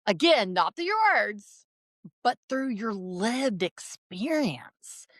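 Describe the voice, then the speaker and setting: A woman's voice: a little high, sing-song, slow pace, a bit bright, no room sound, clean studio sound. A woman guest on a podcast, speaking in an affirming, reflective way in conversation. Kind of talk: supportive conversational chat.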